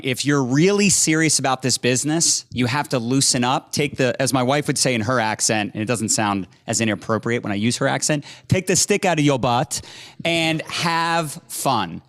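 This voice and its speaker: A man's voice: mid-range voice, animated, brisk, fairly bright tone. A man on a business panel giving loose, jokey, upbeat motivational advice. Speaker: panel speaker. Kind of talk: motivational speech.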